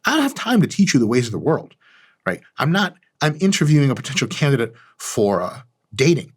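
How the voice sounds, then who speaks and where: A man's voice: brisk, breathy edge. A man delivering a comedic advice monologue as host, mock-arrogant, boastful and profane. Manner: lively, animated delivery with big pitch jumps. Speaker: channel host.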